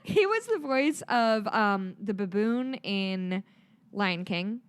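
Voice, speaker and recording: A woman's voice: medium pitch, lively intonation, slow pace, clean tone, dry recording. A woman co-hosting a podcast in casual chat, blunt and swearing freely, drinking wine as she talks. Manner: blunt, swears freely, acts out quoted voices. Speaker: podcast co-host.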